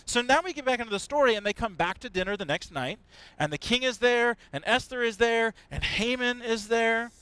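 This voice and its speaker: A man giving a children's sermon in church, telling a story in an animated way and asking the children questions. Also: very high-pitched, brisk, hardly any pauses, smooth, no room sound, rough recording. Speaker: pastor.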